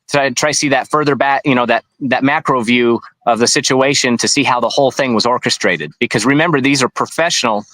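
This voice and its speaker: A man's voice: mid-range voice, fairly bright tone, dry recording, low-quality recording. A man being interviewed, recounting events in a rambling, conversational way with frequent restarts. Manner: rambling, with many restarts and asides. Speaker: interview guest.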